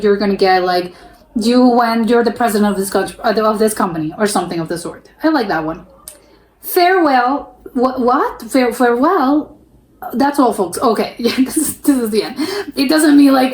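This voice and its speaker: A woman's voice: fairly high pitch, a little mellow, roomy sound. A young woman from the United States hosts a reaction video, thinking aloud in casual commentary with many fillers and restarts. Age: young adult.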